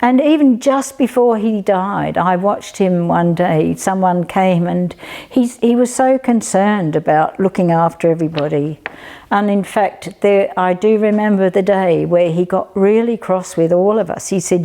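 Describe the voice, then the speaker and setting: A woman's voice: medium pitch, a little slow, dark tone. An older woman, telling a rambling, chatty personal story in a casual spoken way. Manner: rambling, chatty, with frequent fillers.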